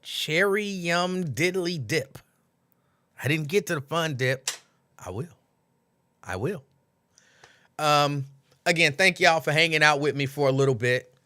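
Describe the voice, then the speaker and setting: The host of this casual late-night livestream has a slightly high voice, speaks at normal speed, and pauses often. He's animated and repetitive, laughing a lot and imitating others.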